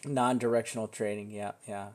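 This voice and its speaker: A man's voice: on the low side, flat delivery, a little fast, a little mellow. Rambling man talking through trading charts. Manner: rambling, self-interrupting, thinking aloud; swears casually. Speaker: crypto chart analyst. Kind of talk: casual live chart analysis.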